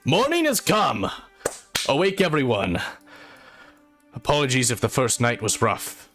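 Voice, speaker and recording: A man's voice: huge pitch swings, measured pace, a bit bright, soft background music, exaggerated voice. A man voicing a hearty, jovial male warrior companion who calls out cheerfully to wake everyone. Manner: booming, cheerful wake-up call.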